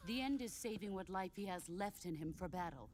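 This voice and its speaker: An actress playing a grave woman soldier in a video game, speaking in a measured, solemn way. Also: on the low side, lively intonation, a little mellow, slight background noise, close to an everyday voice.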